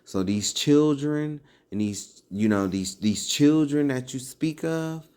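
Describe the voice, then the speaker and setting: A man's voice: medium pitch, lively intonation, slow pace, warm tone, clear, resonant tone. A man giving preachy, casual commentary as an online religious commentator, emphatic and full of rhetorical questions.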